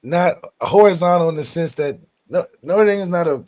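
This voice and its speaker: Deadpan male podcast host. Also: a little high, normal speed. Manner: deadpan, mock-serious, dry trolling. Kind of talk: casual sports banter.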